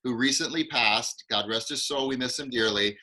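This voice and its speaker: A man's voice: mid-range voice, normal speed, pushed and bright, rough recording. A man hosting an online acting class over a video call, enthusiastic and encouraging.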